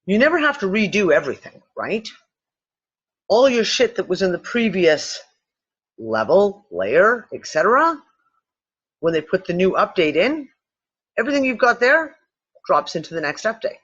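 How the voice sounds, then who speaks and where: A man hosting a discussion show, thinking out loud in loose, rambling speech with casual swearing and frequent restarts. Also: sits high, very animated, moderate pace, pauses often, husky. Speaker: podcast host. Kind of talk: casual speculative talk. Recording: dull lo-fi recording.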